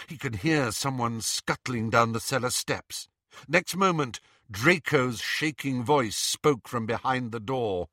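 A man narrating an audiobook in an expressive, measured way. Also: medium pitch, no echo, clean studio sound.

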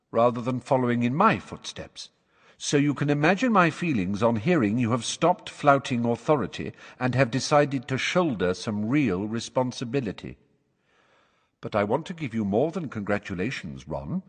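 A man voicing a pompous, self-important young man's lecturing letter in a storybook reading, with lively pitch. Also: slightly rough, long reverb tail.

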